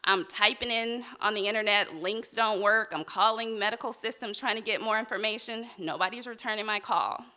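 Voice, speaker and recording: A woman tells a personal story on a live stage, heartfelt and candid. Her voice is bright and clear, set at an ordinary middle pitch for a woman. Wry humor runs through her telling. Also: a little fast, few pauses.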